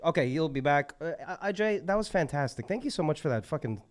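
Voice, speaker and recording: A man hosting a live open mic, excitable and profane, hyping up the performers and the live stream. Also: on the high side, fast. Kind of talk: live event emceeing. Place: live event at a community center.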